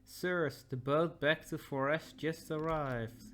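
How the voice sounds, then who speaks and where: A man voicing a young messenger soldier in a video game, brisk and dutiful. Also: fairly high pitch, fairly even intonation, a bit bright.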